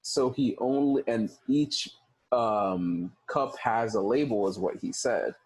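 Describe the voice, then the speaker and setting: A man co-hosting a film podcast in a loose, conversational way. His voice sits at an ordinary middle pitch with a husky edge. He talks with animation and slips into quoted voices as he retells scenes. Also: slow, darkish tone, dry recording, rough recording. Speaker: podcast co-host. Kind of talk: casual film discussion.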